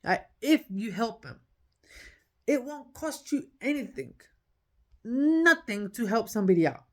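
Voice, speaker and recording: A woman's voice: fairly high pitch, big pitch swings, a little slow. Emphatic woman telling her story. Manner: emphatic, repeats key points, acts out dialogue. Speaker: podcaster. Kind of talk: casual storytelling monologue.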